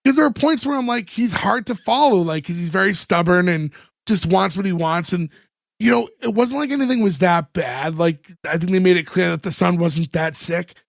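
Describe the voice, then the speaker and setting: Podcast co-host, male, high gravelly voice, dry close sound, retells scenes with quoted lines. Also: moderate pace, no echo. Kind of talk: casual chat, recapping an episode.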